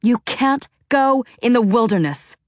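A woman's voice: fairly high pitch, expressive, unhurried, darkish tone, dry recording, studio quality, voice pushed up. A woman voicing a stressed, harsh middle-aged mother who speaks in a tense, clipped way, in an audiobook. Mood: angry.

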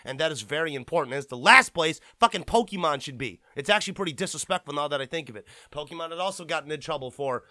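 A man's voice: on the high side, expressive, fast, few pauses, pushed and bright, no echo, studio quality. A young man hosting a podcast, rambling and swearing freely as he rants and mocks. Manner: profane, rambling, mocking. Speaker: podcast host. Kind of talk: casual podcast rant.

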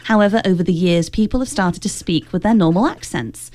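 A woman's voice: fairly low pitch, a little fast, darkish tone. A woman hosting a radio talk show, chatting easily and steering the talk with questions to her guests. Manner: chatty, leads the conversation with questions.

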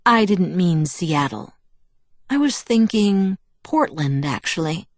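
A woman's voice: on the low side, very animated, no echo, heavily acted. Woman voicing a serene, charming young man. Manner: smooth, friendly, unhurried. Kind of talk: audiobook character reading.

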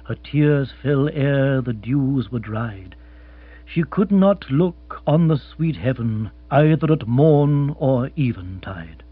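A composed, learned butler, formal and deferential, every word measured, as a male reader puts him on. Husky tone, with a thin, phone-like sound and mains hum. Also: medium pitch, expressive. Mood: reciting.

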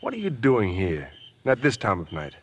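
A man's voice: fairly low pitch, wildly swooping pitch, normal speed, slight background noise. An actor playing a harried young man in an old radio drama, clipped and impatient. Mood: indignant. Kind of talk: 1950s radio drama acting.

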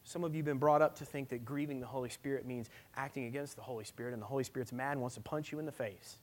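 A male pastor preaching a sermon at a church service, swinging from loud, emphatic lines to hushed, near-whispered ones. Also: mid-range voice, very fast.

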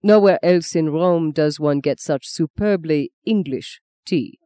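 A reader voicing a stern, formal German general who speaks in a measured way. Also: mid-range voice, warm tone, dry recording, studio quality, lightly acted.

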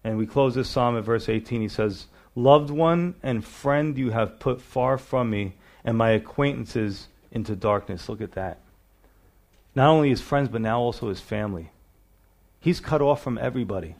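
A middle-aged pastor with a medium-pitched voice speaks at normal speed, teaching verse by verse. He reads scripture aloud and asks rhetorical questions in a conversational preaching style.

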